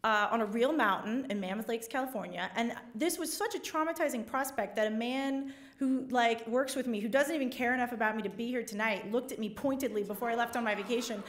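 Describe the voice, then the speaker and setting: A woman reporter telling a self-deprecating story on stage before a live audience, animated and acting out the quotes. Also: a little high, a little fast, few pauses.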